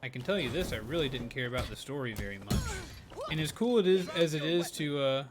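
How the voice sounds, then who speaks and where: Over game music, a man with an expressive mid-range voice talks quickly while streaming his gameplay live. His casual chat wanders and muses, mixing in hedges and touches of dry sarcasm.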